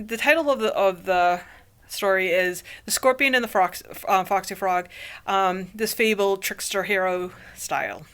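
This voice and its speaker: A woman vlogger in casual chat, talking in a halting, rambling way with many fillers. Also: medium pitch, fairly bright tone. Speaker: video blogger.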